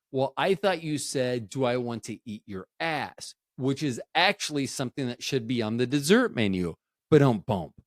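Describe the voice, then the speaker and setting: A man's voice: medium pitch, no echo, studio quality. A man hosting a casual solo podcast, telling a rambling, jokey story and often cutting himself off to restart. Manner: rambling, jokey, self-interrupting with "anywho, anyhow, anyway". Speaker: podcast host.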